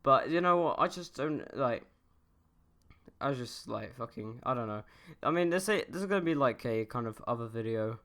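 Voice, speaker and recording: A man's voice: mid-range voice, expressive, moderate pace, a bit bright. A young man from the UK giving a casual opinion rant as a YouTuber, rambling and swearing, with lots of fillers and restarts. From United Kingdom.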